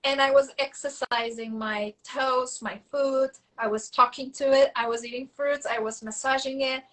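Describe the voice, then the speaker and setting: A woman telling stories in a casual interview, animated and full of fillers and restarts, acting out quoted dialogue. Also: high-pitched, normal speed, low-quality recording. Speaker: guest.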